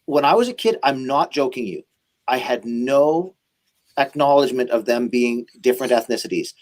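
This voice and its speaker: A man hosting a casual comics podcast, animated and excitable, often talking over his guest. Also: medium pitch, moderate pace. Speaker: podcast host.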